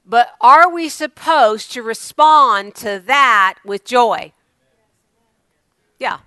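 Bright, crisp-voiced woman preaching. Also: on the high side, lively intonation, drawn-out words, no echo. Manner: dynamic preaching, swinging from loud exclamations to hushed asides. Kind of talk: sermon.

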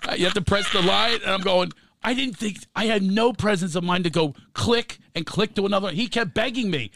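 A middle-aged man, a comedian guest on a podcast, telling an animated anecdote and laughing between lines. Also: high-pitched, a little fast, heavy background noise. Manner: animated, acts out voices, laughs through his lines.

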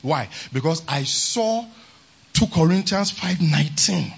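Male pastor, emphatic sermon delivery with a husky edge, muffled lo-fi conference recording. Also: on the high side, lively intonation, unhurried. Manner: emphatic, repeats "praise the Lord". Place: large conference hall.

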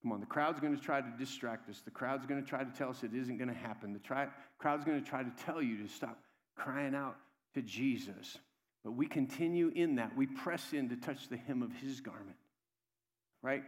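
A man preaching a sermon as pastor in a church, with a conversational manner, calling out to the congregation and swinging between hushed low passages and loud, raised exhortation. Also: normal speed. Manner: conversational, calls out "come on" to the congregation. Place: church sanctuary. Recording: long hall reverb.

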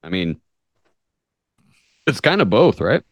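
A man's voice: lowish voice, big pitch swings, slow, no room sound, studio quality. A man from the United States hosting a casual podcast, reading news stories aloud with sarcastic, profane asides. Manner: profane, jokey, reads articles with sarcastic asides. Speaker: podcast host.

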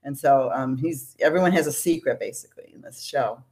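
A woman's voice: very deep voice, a little fast, a little mellow. A middle-aged woman, an actress guest, chatting casually and rambling with frequent laughs and restarts. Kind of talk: casual interview chat.

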